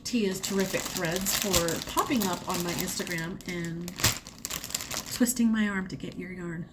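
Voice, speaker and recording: A woman's voice: lowish voice, a little slow, background noise. Chatty woman rambling about crafts. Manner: chatty, rambling, with laughs and fillers. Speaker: crafting vlogger. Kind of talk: casual chat.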